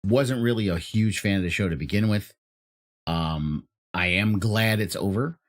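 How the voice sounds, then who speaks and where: A man's voice: on the low side, moderate pace. A man co-hosting a casual podcast, blunt and sarcastic, swearing freely. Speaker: podcast co-host.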